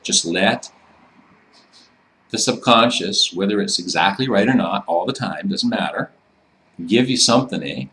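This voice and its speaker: A man's voice: lowish voice, expressive, a little slow, pauses often, bright, forceful tone, slight background noise. A man teaching in a loose, casual way, swearing freely and ending many sentences with "eh". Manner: loose and profane, tags sentences with "eh". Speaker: instructor. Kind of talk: casual instructional talk.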